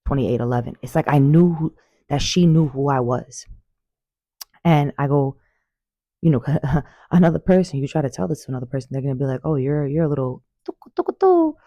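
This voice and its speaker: Mellow-voiced woman telling spiritual stories. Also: rumbling low, brisk, dry recording, lo-fi sound. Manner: animated, emphatic, repeats phrases, calls listeners baby. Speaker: spiritual vlogger. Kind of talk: casual storytelling monologue. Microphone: phone.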